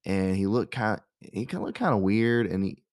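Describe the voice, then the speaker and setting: A man's voice: fairly low pitch, expressive, normal speed, darkish tone, dry recording, clean studio sound. A young man, a radio host telling stories in a rambling, casual way, full of fillers and restarts. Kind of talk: casual storytelling monologue.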